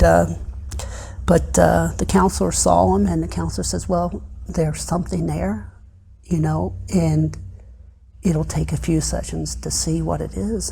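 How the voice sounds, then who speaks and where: This interview guest is a middle-aged man sharing his own story in fits and starts, pausing often and repeatedly letting his voice fall quiet and low. There's vocal fry in his delivery and a faint hiss or hum in the audio.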